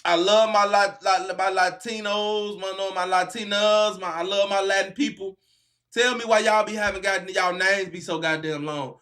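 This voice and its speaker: A man hosting a casual reaction video, animated and profane, laughing and breaking into shouts. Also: sits high, normal speed.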